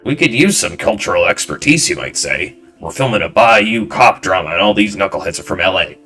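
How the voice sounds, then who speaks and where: A man voicing a loud, arrogant male film director who shouts and talks down to people. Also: sits low, expressive, brisk, soft background music. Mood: brash, condescending. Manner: shouting, condescending, brash.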